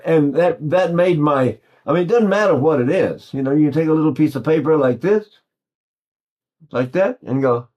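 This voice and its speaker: Older man, from East Texas, voice teacher, rambling folksy lesson, slightly high voice. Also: expressive, normal speed, lo-fi sound. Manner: rambling, folksy, many restarts and fillers. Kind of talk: singing lesson with sung demonstrations.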